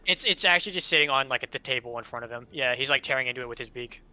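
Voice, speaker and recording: Bright-voiced man running a tabletop game. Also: medium pitch, very fast, poor audio. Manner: relaxed, hesitant with fillers. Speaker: game master.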